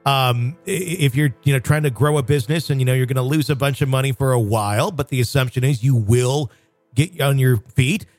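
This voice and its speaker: A man's voice: medium pitch, brisk, dry recording. A man talks casually as a podcast co-host, circling his points with restarts and fillers. The sound is dry and close, with faint music playing underneath. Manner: rambling, with frequent restarts and fillers. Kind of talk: casual conversational chat.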